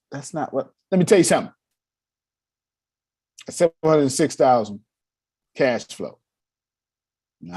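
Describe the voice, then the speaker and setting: A man leading a motivational meeting on money and cash flow, animated and laughing as he acts out quotes. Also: medium pitch, breathy edge. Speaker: finance coach leading a meeting. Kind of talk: motivational talk.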